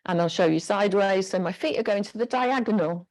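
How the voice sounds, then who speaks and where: A woman's voice: medium pitch, brisk, a little mellow. Chatty woman leading an exercise class. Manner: encouraging, chatty cueing of moves. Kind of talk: live online exercise class instruction. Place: home room with a squeaky floor. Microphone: clip-on mic pack.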